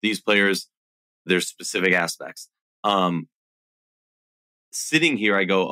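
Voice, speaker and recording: A low-voiced man with a Minnesotan accent, talking basketball on a casual podcast. His tone is bright and forceful, and he pushes his opinions hard. The sound is dry and close. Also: takes it slowly, long pauses, dry recording. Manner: opinionated, animated, self-deprecating. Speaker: podcast host. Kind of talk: casual sports podcast chat.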